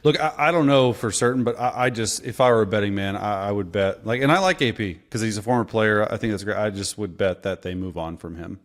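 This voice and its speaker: A man's voice: on the low side, fast talker, hardly any pauses. A man co-hosting a casual sports podcast, talking loosely with lots of fillers and restarts. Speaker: podcast co-host and former player.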